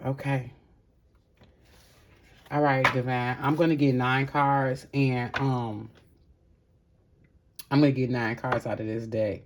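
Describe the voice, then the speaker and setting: Her voice rumbles low, steady and slow as she reads tarot on camera. Talking directly to viewers, she offers heartfelt spiritual encouragement in a casual, filler-heavy ramble.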